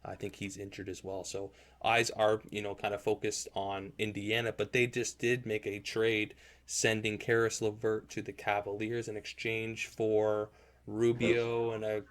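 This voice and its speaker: A man's voice: on the low side, monotone, unhurried. A man hosting a casual basketball podcast, talking in a rambling way with frequent restarts. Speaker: podcast host. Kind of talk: casual sports chat.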